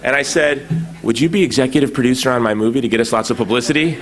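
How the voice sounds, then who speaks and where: A middle-aged man giving a conference talk, telling a story with lively acted-out quotes. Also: medium pitch, fast, over loud music, a loud crowd. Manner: animated storytelling, acting out quoted dialogue. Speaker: conference speaker. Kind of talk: anecdotal public talk. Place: conference hall.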